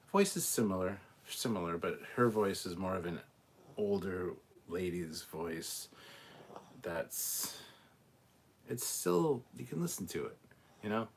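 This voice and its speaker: A man's voice: deep voice, animated, unhurried, long pauses, a little hiss or hum. A man hosting a casual live stream, reading chat aloud and ranting bluntly with plenty of swearing.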